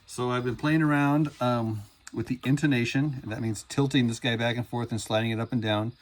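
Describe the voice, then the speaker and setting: In a casual workshop demo, a man shows off a cigar box guitar he built himself, chatting and rambling and often restarting or correcting his sentences. He speaks a little fast in a mid-range voice with fairly even intonation, while guitar music plays behind him.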